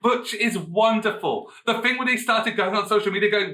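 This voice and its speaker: Man, casual podcast co-host, enthusiastic, slightly raised pitch, a bit off-mic. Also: animated, quick pace, hardly any pauses, bright, forceful tone, far from the mic, low-quality recording. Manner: enthusiastic, hesitant fillers then gushing.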